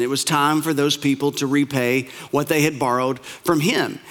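A male pastor retelling a parable in a sermon, emphatic and repetitive, slowing down on key words. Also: fairly high pitch, fairly bright tone. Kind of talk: sermon storytelling.

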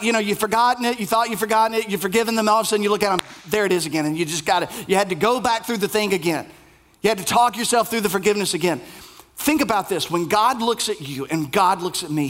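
A man preaching a sermon, with emphatic repetition and sudden drops to a hushed voice. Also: high-pitched. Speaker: pastor.

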